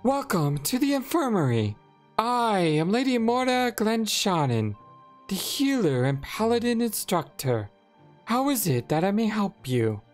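A kindly female healer and paladin teacher speaks in gentle, old-fashioned phrases, put on by a woman reading game dialogue. Her voice rises and falls a lot. Faint music plays underneath. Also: medium pitch, very animated, unhurried, voice pushed up.

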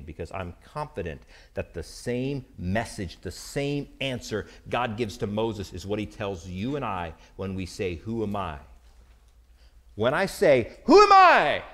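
A man preaching a sermon, animated and acting out the lines of Bible characters. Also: lowish voice. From United States.

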